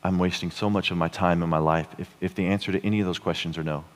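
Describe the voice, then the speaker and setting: A man in his thirties preaching a sermon, telling a story with frequent chuckles and halting restarts. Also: deep voice, steady tone. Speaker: pastor. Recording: long hall reverb.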